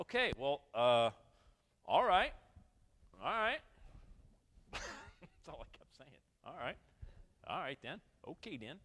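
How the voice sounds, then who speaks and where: A husky, somewhat high-voiced man in his forties from Western New York gives a storytelling keynote in an event hall. He talks slowly with frequent pauses, animated and joking with the audience as he tells a personal story, and the sound carries a big-room feel.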